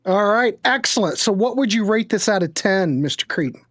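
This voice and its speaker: A man's voice: sits high, lively intonation, fairly quick, fairly bright tone, no room sound. A man hosts a live-stream music panel in a playful, effusive manner, reading viewer comments aloud. His voice sits in the middle range, and the sound is very dry, with no room around it. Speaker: show host.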